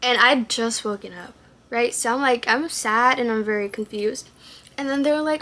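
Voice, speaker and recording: A young woman vlogger with a Texan accent chats through a storytime in casual slang, swearing now and then. Her voice sits a little high and sounds bright and forceful. She acts out the voices of other people as she goes. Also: a little fast, a little hiss or hum. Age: young adult.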